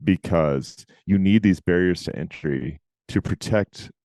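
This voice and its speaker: A man co-hosting a podcast in casual chat, talking emphatically with quick asides. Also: low-pitched, darkish tone, no room sound. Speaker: podcast co-host.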